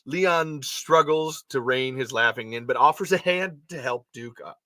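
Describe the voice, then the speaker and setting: A man's voice: medium pitch, measured pace, bright, forceful tone, dry recording. A man hosting a podcast, reading a story aloud with casual, rambling asides and frequent self-corrections. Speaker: podcast host.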